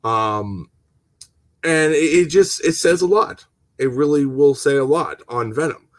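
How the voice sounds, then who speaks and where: A man's voice: on the high side, unhurried, no echo. A man hosting a gaming channel, ranting heatedly on a casual live stream, swearing and stumbling over restarts while answering viewers' comments. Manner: talks to viewers and reads chat comments.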